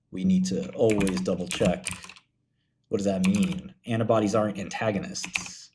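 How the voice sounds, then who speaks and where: A man's voice: low-pitched, noisy background. A man hosting a casual livestream, talking loosely and full of slang while he clicks through research. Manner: loose, slangy storytelling, calls listeners bro. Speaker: finance streamer and host.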